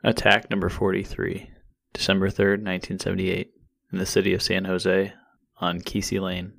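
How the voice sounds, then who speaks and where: A deep-voiced man reads through true crime case details at an even, steady clip. He sounds like a podcast co-host walking listeners through the facts. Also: moderate pace, creaky.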